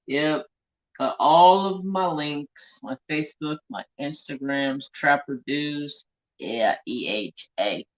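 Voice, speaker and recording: Rambling man with a lo-fi drawl. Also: medium pitch. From California. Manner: rambling, self-talking, joking, loose Southern-tinged drawl. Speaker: craft channel host. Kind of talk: casual live-stream chat.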